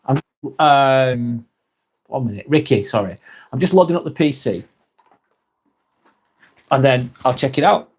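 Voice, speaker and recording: A man's voice: medium pitch, lively intonation, unhurried, pauses often, slightly rough. A man hosting a casual live stream on his phone, reading out viewer comments with dry jokes and casual swearing.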